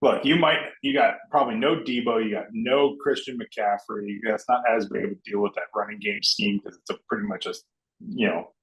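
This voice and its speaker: A man co-hosting a casual sports betting podcast, breaking down matchups in a measured way. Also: on the low side, fairly even intonation, fairly bright tone. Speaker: podcast co-host. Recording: roomy echo.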